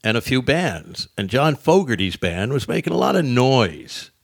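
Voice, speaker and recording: A man's voice: mid-range voice, normal speed, no echo, clean studio sound. An older man, a comedian guest, telling stories in casual chat and acting out quotes with a raised voice. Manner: animated storyteller, acts out quotes in raised voices.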